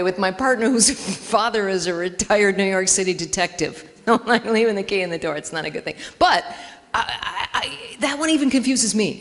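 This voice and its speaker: A woman's voice: mid-range voice, a bit bright. A woman doing a chatty, self-mocking stand-up set in a church hall, acting out dialogue in funny voices. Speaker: stand-up comedian. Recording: live in a reverberant hall.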